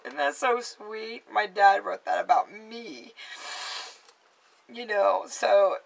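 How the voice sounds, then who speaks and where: A woman's voice: medium pitch, slow pace, gravelly, rough recording. A woman in her late thirties chatting casually in a show-and-tell vlog, rambling and restarting, sentimental and easily moved. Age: late 30s. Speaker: vlogger.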